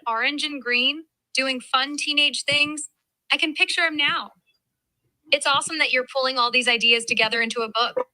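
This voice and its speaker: A woman's voice: sits high, sharp tone, dry recording, low-quality recording. A woman's AI assistant voice giving chatty, encouraging replies that can turn snarky and teasing. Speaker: AI chat assistant. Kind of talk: conversational AI replies.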